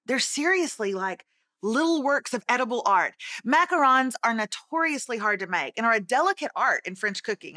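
Bright, chatty woman pitching a deal. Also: animated, moderate pace, dry recording, clean studio sound. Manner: chatty, playful and self-mocking. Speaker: deals segment host. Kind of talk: scripted product pitch.

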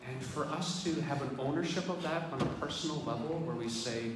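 A priest preaching to his congregation in a relaxed, conversational manner. His voice sits at an ordinary male pitch and rings through a huge, echoing church. He is heard from some way off the mic, with a steady background hiss. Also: brisk, few pauses. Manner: conversational, addresses the congregation directly. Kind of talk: sermon. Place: large church. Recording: very echoey church, distant mic, background noise.

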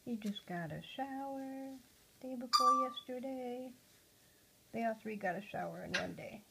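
A woman chatting at an unhurried, drawn-out pace in a casual home video. She coos gently to her pet parrot, often sinking to a near-whisper. A faint hiss of noise sits under her voice. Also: fairly high pitch, creaky. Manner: soft, cooing talk to a pet, often hushed.

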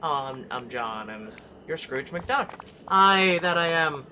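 A man voicing a miserly, boastful old duck tycoon in a hammy put-on Scottish brogue, reading game dialogue aloud in a loud, lively voice. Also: fairly high pitch, slow pace, a little hiss or hum, voice pushed up, heavily acted, low-quality recording. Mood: blustering. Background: game music.

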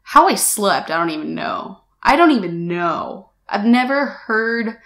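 A woman vlogger speaking straight to the camera at a middling pitch for a woman. Her talk is loose and chatty, packed with "like" and "you know", with the odd casual curse word. She is picked up by a shotgun mic mounted on the camera. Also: a bit bright. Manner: casual swearing.

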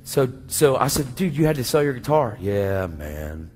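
A man preaching a sermon, telling a story in a slangy, animated way and acting out both sides of the conversation. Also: mid-range voice, fairly quick. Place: church sanctuary. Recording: church hall reverb with faint music.

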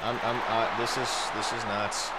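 Frustrated young man cursing over a game. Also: very noisy. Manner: frustrated, cursing, swings from low mutters to sudden shouts. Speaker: gaming streamer. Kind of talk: live game commentary.

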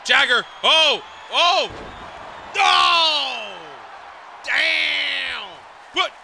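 A man calling a wrestling match as commentator, with excited play-by-play that keeps breaking into shouts, exclamations and swearing. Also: extremely high pitch, slow, vocal fry, a crowd in the background, noisy background.

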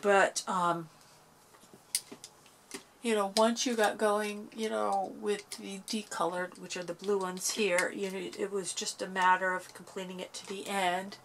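A soft-spoken woman in her thirties talks through a craft at home, unhurried and chatty. She keeps a measured, easy pace, and a faint noise sits under her voice. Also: mid-range voice, flat delivery. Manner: soft-spoken, chatty, gentle step-by-step guidance. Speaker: craft tutorial host. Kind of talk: casual craft tutorial.

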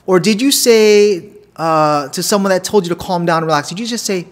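A man's voice: high voice, fairly quick. A man hosting a video podcast, talking straight to the viewer in a casual, wry way with emphatic asides and rhetorical questions. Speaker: podcast host. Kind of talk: casual explainer monologue. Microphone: desk condenser mic.

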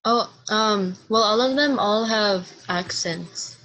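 A woman student answering in an online class, hesitant and pausing with fillers. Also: mid-range voice, a bit bright, poor audio. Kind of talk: class discussion.

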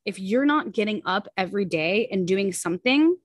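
A woman in her thirties, a podcast guest, candidly telling a personal story in quick, casual talk full of "like" and "you know". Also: medium pitch, expressive, no echo, clean studio sound.

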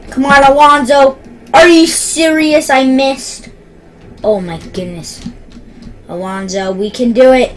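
A young woman giving excitable gameplay commentary, gasping and yelping at every play. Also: high voice, slow, pauses often, a little hiss or hum. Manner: yelps, gasps and shouts at each play. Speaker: gaming YouTuber.

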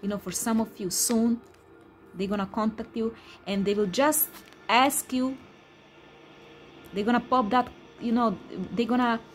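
A woman who speaks English as a second language, giving a tarot card reading in an emphatic, repetitive way with excited exclamations. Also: fairly high pitch, a little slow, long pauses, faint music behind. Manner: non-native English speaker. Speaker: tarot reader.

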